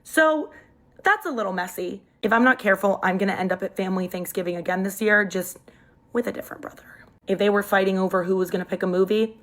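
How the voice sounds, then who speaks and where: Recording on a phone mic, a young woman tells a personal story in a casual storytime, staying lively and jumping up in pitch when she quotes people. She talks fast.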